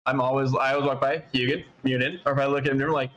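A man's voice: mid-range voice, monotone, rapid-fire, fairly bright tone, dull audio, slight background noise. A man co-hosting a podcast in casual chat, telling stories animatedly, swearing freely and laughing often. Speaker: podcast co-host.

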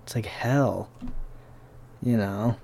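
A man's voice: lowish voice, slow pace, creaky, warm tone. A young man, hosting a podcast as a casual solo monologue, rambling, sarcastic and swearing freely. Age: young adult. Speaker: podcast host.

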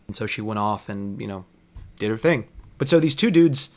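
A man, a bartender, telling a long personal story from work. He swears freely, wanders off into digressions and pauses to reflect on how he acted. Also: on the low side, lively intonation. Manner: digressive, profane, self-reflective.

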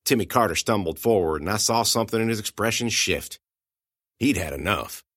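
Man, audiobook narrator, expressive, bright voice, dry close recording. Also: on the low side, fairly quick, no room sound. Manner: lively, expressive storytelling. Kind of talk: first-person audiobook narration.

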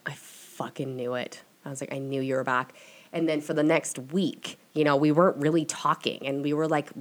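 A young woman hosting a casual solo podcast, talking candidly and rambling, swearing freely. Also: very deep voice. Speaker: podcast host. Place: at home at her computer and mic.

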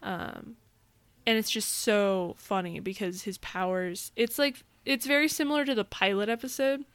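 An American woman co-hosting a podcast in casual chat, excitable and quick to swear. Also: medium pitch, no room sound. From United States. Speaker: podcast co-host.

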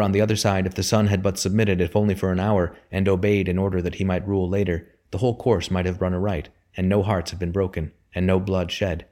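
Man, audiobook narrator, deep low voice, measured storytelling. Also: a little mellow. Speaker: audiobook reader. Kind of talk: scripted narration.

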